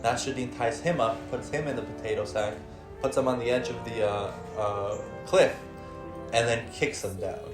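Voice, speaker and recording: A man telling a folk tale to friends in a relaxed way, with fillers and laughs. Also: medium pitch, moderate pace, reverberant, music in the background. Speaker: storyteller. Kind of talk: casual storytelling among friends.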